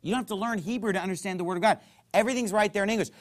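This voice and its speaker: A man's voice: sits high, very fast. A man preaching a sermon in an emphatic, conversational way, often checking in with his listeners.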